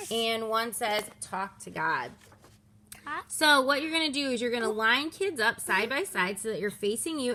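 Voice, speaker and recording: Brief: woman in her 30s, bright, slightly high voice, chatty children's ministry leader explaining a lesson at home, faint background noise. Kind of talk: recorded lesson walkthrough.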